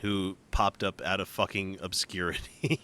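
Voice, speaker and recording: A man's voice: low voice, fairly even intonation, unhurried, bright, forceful tone. A man hosting a casual podcast chat, sarcastic and swearing freely. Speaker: podcast host.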